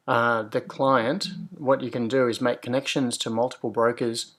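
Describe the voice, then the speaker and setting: A man's voice: medium pitch, creaky. A man hosting a casual livestream, greeting viewers cheerfully and then explaining technical questions in a rambling way. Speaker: host.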